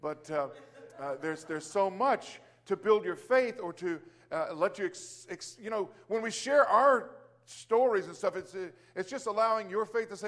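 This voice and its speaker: A man with a notably high voice shares a casual faith testimony in a loose, rambling way. He restarts his sentences, leans on fillers, and breaks out into exclamations of praise as he goes. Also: moderate pace, fairly bright tone. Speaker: Christian business owner sharing testimony.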